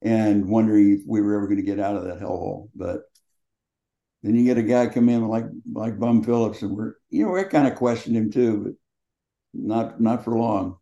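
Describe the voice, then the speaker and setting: An older man in his seventies speaks with a low, warm, mellow voice. He tells colorful, salty stories from his playing days as an interview guest. The sound is dull and lo-fi. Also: normal speed, creaky. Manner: colorful, profane, laughing anecdotes. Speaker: guest, former quarterback. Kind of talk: storytelling in casual conversation.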